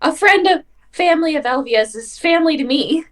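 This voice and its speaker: A woman's voice: high voice, animated, fairly quick, fairly bright tone. A woman voicing an eager, overly friendly young adventurer in a tabletop game, apologetic and earnest.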